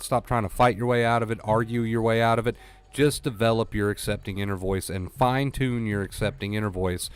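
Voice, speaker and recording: A man's voice: mid-range voice, clean tone. A man coaching viewers through anxiety recovery on a live stream, blunt and repeating himself for emphasis. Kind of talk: live-stream talk to chat.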